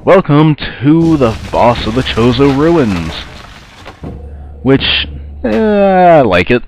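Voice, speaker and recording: A man's voice: mid-range voice, very animated, slow pace, slight background noise. A man with a stuffy, sinus-congested voice, casually commenting while playing a video game, rambling and grumbling at the game. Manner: rambling, muttering asides to the game. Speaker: let's play commentator.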